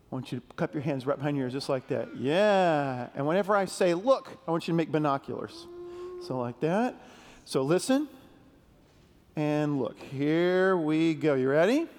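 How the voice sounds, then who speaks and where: A man leads a children's sermon in a big church sanctuary, his fairly high voice carrying a long reverb off the walls. He talks very slowly and gently, drawing the kids in with playful questions and call-and-response. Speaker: pastor leading a children's message.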